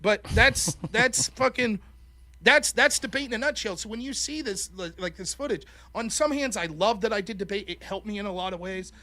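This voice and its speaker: A man hosting a call-in show, telling stories in animated, profane casual chat. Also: high-pitched, moderate pace, no echo. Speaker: podcast host.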